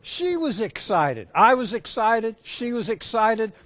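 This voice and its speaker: A male preacher with a high, lively voice that swings up and down as he talks. He speaks at an unhurried pace and keeps turning to the audience with questions. The sound is dry and close. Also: no echo. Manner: engaging, asks the audience questions; acts out dialogue in the story. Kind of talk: sermon with a personal story.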